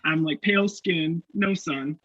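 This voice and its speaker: Bright-toned animated man telling stories. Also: a little high, unhurried, no echo. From Canada. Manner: animated, laughing, acts out quoted voices. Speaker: guest actor. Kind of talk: casual storytelling interview. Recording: dull lo-fi dry sound.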